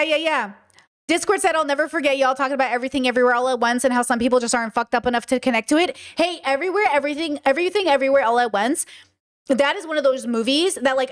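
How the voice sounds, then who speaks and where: A young woman hosting her channel, chatting casually about shows in an animated, swearing way, often saying bro. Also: high voice. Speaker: channel host. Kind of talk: casual commentary chat.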